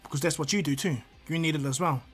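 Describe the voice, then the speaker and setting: A man's voice: a little high, slightly rough, soft background music. A man doing a brash, bossy teen ninja. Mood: scolding. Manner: bossy, lecturing, quick-tempered. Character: blunt hot-headed teen ninja boy.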